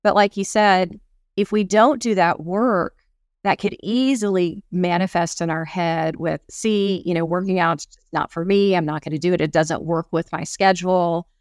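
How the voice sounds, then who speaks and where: A woman's voice: fairly low pitch, fairly even intonation, moderate pace, dry recording, clean studio sound. A middle-aged woman co-hosting a podcast in casual chat, reflective and storytelling, acting out little quotes. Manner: reflective, tells examples, acts out quotes. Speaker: podcast co-host.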